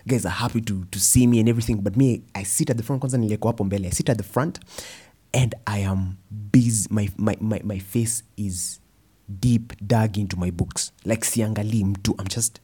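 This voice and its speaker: A young man with a Kenyan accent giving a personal storytelling talk, animated and slipping Swahili phrases into his English. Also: on the low side, a little fast, slightly rough. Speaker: speaker.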